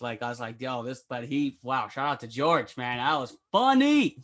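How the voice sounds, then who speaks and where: A man's voice: medium pitch, animated, moderate pace, hardly any pauses, a bit bright. A middle-aged man doing a brash, profane, rambling stand-up bit as a guest on a live stream. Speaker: comedian guest.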